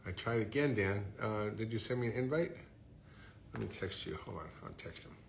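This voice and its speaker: A man's voice: on the low side, animated, moderate pace, gravelly, a little hiss or hum. A middle-aged man casually chatting on a phone livestream, upbeat and chatty as he greets viewers. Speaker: host.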